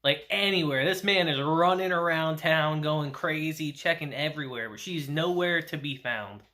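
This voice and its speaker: A man's voice: fairly high pitch, moderate pace, sharp tone. A young man casually recapping and reviewing an anime episode, chatty and laughing often.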